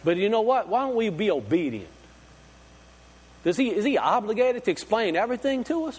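Man, pastor, folksy sermon, rhetorical questions, fairly high voice. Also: big pitch swings, fairly quick, a little mellow, breathy edge, long reverb tail.

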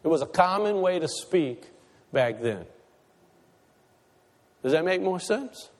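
A man with a high, animated voice preaches slowly to a congregation, putting questions to them and restating his points for emphasis. The sound is that of a reverberant church hall.

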